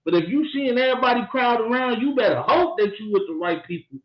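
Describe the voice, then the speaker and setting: Hoops podcast guy, super lively up-and-down voice, laughs a lot, roomy muffled mic. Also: very high-pitched, fast. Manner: laughing, emphatic, playful trash talk. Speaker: podcast co-host. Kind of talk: casual sports chat. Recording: echoey, dull lo-fi room sound.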